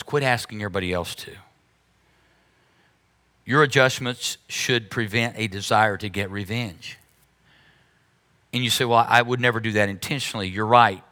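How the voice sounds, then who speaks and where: A middle-aged man preaching a sermon as pastor, animated, with sudden high-pitched mocking asides.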